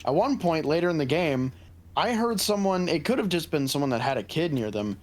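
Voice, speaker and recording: A man's voice: fairly high pitch, fairly quick. A young man co-hosting a casual gaming podcast, telling stories with heavy swearing. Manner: profane, animated storytelling. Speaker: podcast co-host.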